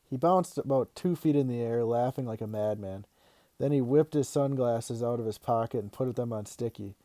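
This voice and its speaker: A man narrating a children's novel aloud with even, expressive pacing. His voice is warm and mellow, recorded close and dry with no room around it. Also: medium pitch, moderate pace, no room sound. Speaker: read-aloud host.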